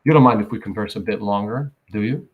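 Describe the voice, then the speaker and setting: A man's voice: on the low side, narrow, tinny audio, lightly acted. A man voicing a polite, menacing old male vampire with a faint foreign accent. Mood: smooth menace. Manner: slow, soft-spoken, faint foreign accent.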